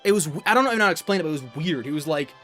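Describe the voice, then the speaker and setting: Rambling young man, bright voice. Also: a little high, animated, very fast, faint music behind. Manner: rambling, swears a lot, many restarts and fillers. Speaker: gaming vlogger. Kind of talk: casual chat while gaming.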